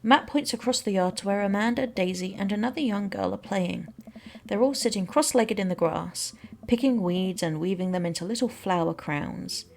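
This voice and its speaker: A woman's voice: medium pitch, normal speed, vocal fry, a little hiss or hum. Woman reading a visual novel aloud. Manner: animated, switches between character voices. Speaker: game streamer.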